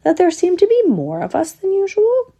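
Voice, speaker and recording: A woman's voice: extremely high pitch, wildly swooping pitch, normal speed, warm tone, highs cut off, voice pushed up, full character voice. A woman voicing a forgetful elderly male squirrel in a storybook, mild and wavering. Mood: puzzled.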